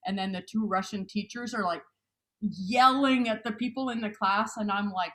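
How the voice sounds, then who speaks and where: A woman in a casual video call chat, telling a story in an animated way and acting out what people said. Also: mid-range voice, moderate pace. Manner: animated storyteller, acts out quotes.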